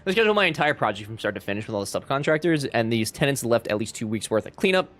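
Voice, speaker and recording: A man's voice: medium pitch, sing-song, racing, fairly bright tone. A young man casually commenting on a game he is playing, joking and swearing, and reading game lines in silly accents. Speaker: streamer.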